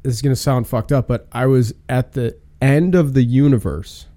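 A man casually recounting a wild night to friends, rambling and animated, with plenty of filler words. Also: mid-range voice, moderate pace. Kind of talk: casual storytelling chat.

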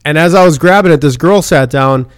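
A man's voice: fairly high pitch, brisk, dry recording, studio quality. A man telling a rambling, profane drinking story in casual chat, with lots of restarts. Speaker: podcast co-host.

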